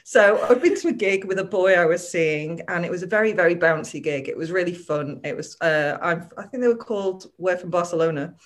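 A woman's voice: fairly low pitch, lively intonation, a little fast, hardly any pauses. A woman from northern England, a comedian guest on a podcast, telling a rambling, self-mocking anecdote in casual chat.

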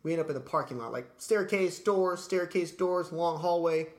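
A man's voice: fairly high pitch, normal speed. A man casually telling a long story in a podcast chat, laid-back and profane, dropping "dude" and "like" constantly.

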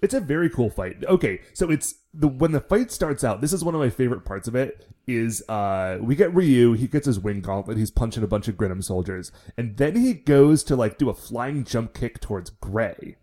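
Podcast co-host, male, mellow warm tone, easygoing and amused. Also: mid-range voice, moderate pace, hardly any pauses. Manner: relaxed, amused, thoughtful commentary. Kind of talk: casual chat recapping a TV episode.

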